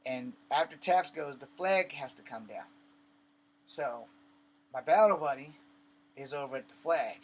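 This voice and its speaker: A man's voice: a little high, animated, unhurried, long pauses, darkish tone. Blunt, profane man ranting to camera. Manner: conversational, acts out the scene. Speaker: vlogger. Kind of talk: casual rant and storytelling to camera.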